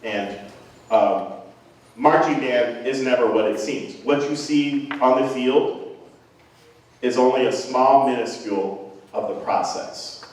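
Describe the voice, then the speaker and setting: A middle-aged band director gives parents a rambling, earnest, self-deprecating speech. His medium-pitched, darkish voice moves slowly and pauses often. The recording was made from far off in an echoey hall.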